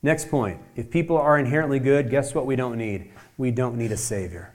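A man preaching a sermon as a pastor, emphatic, with many rhetorical questions and acted-out quoted voices. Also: fairly quick. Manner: acts out quoted voices, rising and dropping in pitch.

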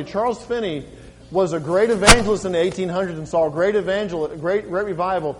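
A middle-aged pastor preaching with a fairly high voice, stretching out scripture verses with slow emphasis before easing into quiet, conversational asides. His voice carries a long reverb from the church hall around him. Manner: reads scripture aloud slowly and emphatically, then drops to a quiet conversational tone. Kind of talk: sermon.

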